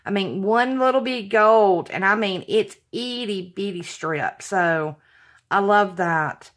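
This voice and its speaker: A woman's voice: mid-range voice, takes it slowly. A woman from Alabama, chatting giddily and gushing as she unboxes craft supplies. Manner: gushing, giddy, laughs often, apologetic. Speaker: craft vlogger. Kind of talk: unboxing vlog chat.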